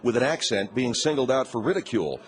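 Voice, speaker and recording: A male radio host who talks fast with a lively, bouncing pitch. He referees the squabble in an exasperated way. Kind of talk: talk radio comedy.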